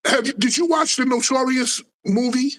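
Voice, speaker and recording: A man, a guest in a casual interview, telling animated stories with plenty of profanity and street slang. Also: very high-pitched, normal speed.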